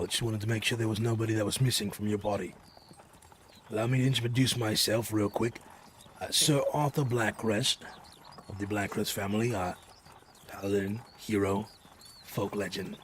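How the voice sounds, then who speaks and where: A man's voice: lowish voice, steady tone, moderate pace, long pauses, a little hiss or hum, natural voice. A man playing a pompous paladin knight. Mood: grand. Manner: pompous, formal. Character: boastful male paladin knight, formal and self-important. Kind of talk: improvised tabletop role-play.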